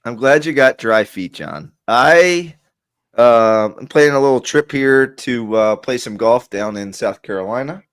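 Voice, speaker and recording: Male host, mid pitch, easygoing jokey chat, dry sound. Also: measured pace, fairly bright tone, clear, resonant tone, no room sound. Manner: joking, easygoing. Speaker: podcast host. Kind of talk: casual sports chat.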